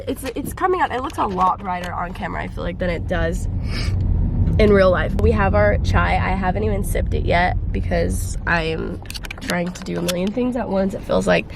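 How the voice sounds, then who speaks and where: A woman's voice: medium pitch, creaky, noisy background. Chatty, giggly young woman vlogging from her car. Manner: chatty, giggly, self-mocking. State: congested, phlegmy. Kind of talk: casual chat to camera. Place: in a car at dawn.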